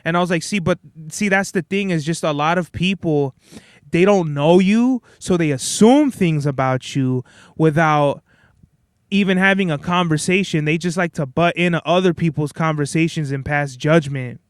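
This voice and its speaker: A young man hosting a podcast, telling stories in a blunt, profane, animated rant. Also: on the high side, moderate pace, clean tone, no echo, clean studio sound. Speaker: podcast host. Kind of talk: casual ranting monologue.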